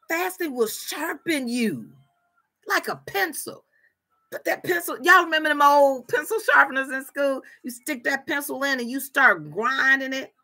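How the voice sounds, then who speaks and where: A woman's voice: fairly high pitch, sharp tone. A woman preaching a fervent sermon, repeating her phrases for emphasis.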